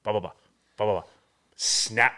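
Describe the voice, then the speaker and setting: Man, low voice, podcast host, casual storytelling, laughs a lot, acts out sounds. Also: a little fast, fairly bright tone. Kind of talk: casual chat.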